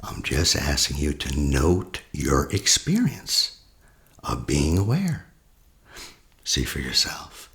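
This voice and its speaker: A man, a therapist, casually demonstrating a guided meditation, often dropping to a breathy near-whisper. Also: a bass voice, wildly swooping pitch, slow, fairly bright tone.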